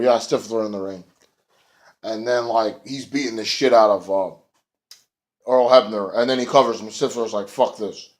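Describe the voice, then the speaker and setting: Young guy ranting about wrestling, cursing, lots of ums. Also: lowish voice. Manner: rambling, profane, filler-heavy. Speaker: wrestling reviewer. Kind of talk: casual chat.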